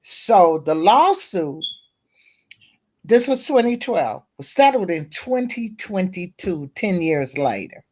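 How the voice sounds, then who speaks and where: A woman's voice: on the low side, big pitch swings, slow pace, a little mellow. A middle-aged woman, a teacher advocate and guest at a round table discussion, telling her story bluntly and candidly.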